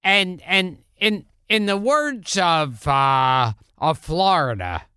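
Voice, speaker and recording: Bright slow-talking woman co-host. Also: on the low side, lively intonation, clean tone, dry recording, studio quality. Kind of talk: casual chat.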